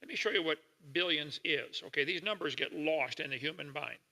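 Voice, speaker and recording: An older man giving a folksy lecture to an audience, explaining slowly with homely examples and checking in with listeners. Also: a little high, gravelly, sharp tone. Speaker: creationist lecturer. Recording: reverberant hall recording.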